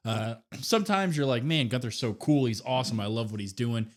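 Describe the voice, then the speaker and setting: Relaxed man co-hosting a podcast. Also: mid-range voice, fairly quick. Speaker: podcast co-host. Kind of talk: casual wrestling recap.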